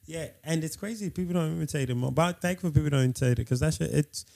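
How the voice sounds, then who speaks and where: A man's voice: on the high side, fast, gravelly, darkish tone, no room sound. A young Nigerian man co-hosting a podcast, teasing and joking in casual banter. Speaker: podcast co-host.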